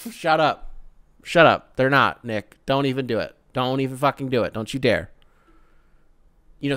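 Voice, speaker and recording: A man hosting a casual solo sports podcast, ranting in a profane, animated way with mocking asides. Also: mid-range voice, clean tone, dry recording. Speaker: podcast host.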